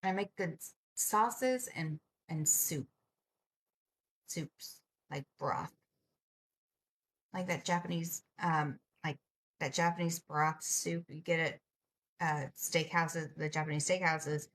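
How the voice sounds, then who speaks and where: A woman's voice: sits low, takes it slowly, long pauses, fairly bright tone, slight background noise. A woman hosting a casual late-night live stream, chatting with viewers and answering their comments, laughing often. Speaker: livestream host.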